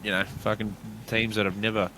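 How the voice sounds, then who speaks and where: A man, co-hosting a casual podcast chat, sweary and quick to laugh. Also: fairly low pitch, flat delivery, pushed and bright, slight background noise. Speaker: podcast co-host.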